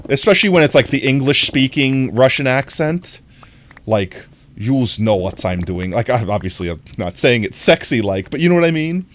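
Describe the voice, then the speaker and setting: A young man talks casually on a livestream, his pitch bouncing up and down as he rambles. He leans on fillers, restarts and quick laughs as he answers his chat. The delivery is loose and conversational. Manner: reacting to chat messages. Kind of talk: casual live-stream chat.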